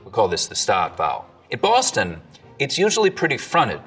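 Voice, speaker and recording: A man, a dialect coach, explaining accents in an educational video with clear, lively delivery. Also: lowish voice, moderate pace, recorded from a distance, faint music behind.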